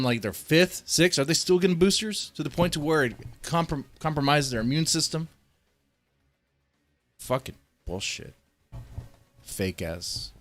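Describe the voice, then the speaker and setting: A man streaming heated political commentary, his voice swinging widely from low grumbles to sharp angry jumps. He swears constantly and breaks off to read articles aloud. His voice sits at an ordinary middle pitch. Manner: profane, heated, swearing often; reads articles aloud between outbursts. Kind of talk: ranting commentary.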